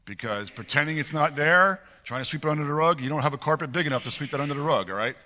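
Lively, bright-voiced preacher in a reverberant church. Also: male voice, on the high side, quick pace, slight background noise. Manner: animated, conversational preaching with frequent laughter and repeated words. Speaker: pastor. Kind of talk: sermon. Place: church sanctuary. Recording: long reverb of a church hall.

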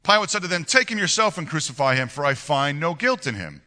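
A male pastor preaches with a very bright, forceful tone and a lively, swinging pitch. He reads scripture, then unpacks it with animated rhetorical questions to his congregation, his voice carrying a long reverb through a large hall. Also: fast. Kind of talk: sermon.

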